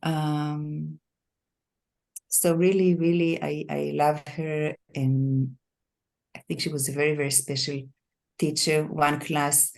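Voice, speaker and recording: A woman giving a soft, warm-hearted tribute on a video call, laughing now and then and repeating words. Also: deep voice, level tone, slow pace, creaky, pauses often. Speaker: qigong student at a memorial meeting. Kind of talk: personal tribute.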